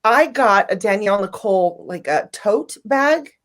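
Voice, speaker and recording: A woman's voice: medium pitch, a little slow. A woman hosting a live stream, chatting casually with a guest and gushing over viewer comments. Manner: bubbly, gushing, animated. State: teary, emotional.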